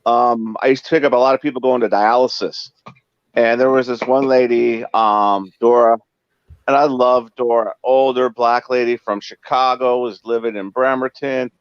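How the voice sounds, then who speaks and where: A man's voice: mid-range voice, normal speed, clear, resonant tone, no room sound. A man telling casual stories in a chat, acting out the lines of the people in them. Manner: animated, acts out dialogue in quotes. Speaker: co-host, former cab driver. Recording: dull lo-fi dry sound.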